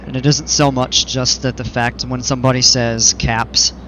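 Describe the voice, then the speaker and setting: Casual male streamer, rambling, mid-pitched, faint background noise. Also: level tone, moderate pace, bright, forceful tone. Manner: rambling, chatty, explains at length. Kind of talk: casual livestream chat while playing.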